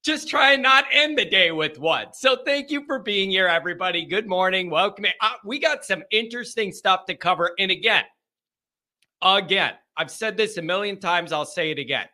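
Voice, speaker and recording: A man's voice: sits high, animated, moderate pace, sharp tone. A man hosting a live fan call-in show, talking in a rambling, jokey, self-mocking way. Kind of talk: casual live-stream chat.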